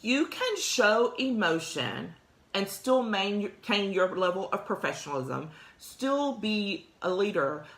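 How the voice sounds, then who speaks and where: A woman's voice: medium pitch, fairly bright tone, roomy sound. A woman hosting a career talk show, talking casually and directly to her listeners, with frequent laughs. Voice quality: conversational, addresses listeners directly, laughs often. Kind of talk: casual motivational talk to an audience.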